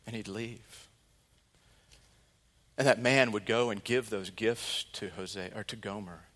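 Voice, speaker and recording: A male pastor preaches a sermon, telling a story earnestly and dramatically as he shifts between loud and hushed delivery. His voice is fairly low and his pace normal.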